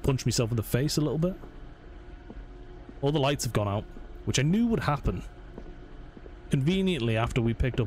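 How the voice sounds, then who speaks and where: A man's voice: medium pitch, expressive, moderate pace, pauses often, darkish tone, slight background noise. A man commentating a horror let's play, nervously narrating his every move to himself. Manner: jumpy, self-narrating, talking himself through scares. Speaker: gaming channel host.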